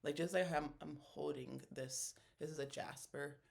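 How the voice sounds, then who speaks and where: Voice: mid-range voice, steady tone, normal speed, creaky, breathy edge. A video creator talking through a personal experience in a casual, reflective monologue, rambling and earnest, with many fillers and self-corrections. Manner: earnest and openly emotional.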